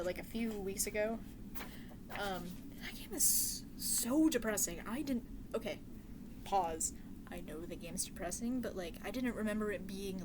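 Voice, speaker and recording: A young woman rambling through a casual vlog chat, full of slang, fillers and side tangents. Her voice sits at an ordinary middle pitch for a woman. A clear steady hiss of noise runs under the whole home recording. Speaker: vlogger.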